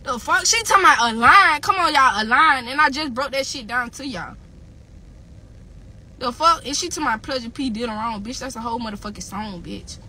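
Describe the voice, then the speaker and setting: A woman with a high, bright, piercing voice rants on a livestream. She is heated and profane, and she loops the same jabs again and again. The delivery is loose and unscripted. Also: brisk, slight background noise. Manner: heated, profane, repeats insults. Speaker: rapper on a livestream. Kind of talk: angry livestream rant.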